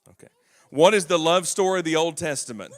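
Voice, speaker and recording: A man's voice: a little high, brisk. A man with a Southern US accent, a Bible class teacher patiently quizzing and prompting children during a church service. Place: church auditorium.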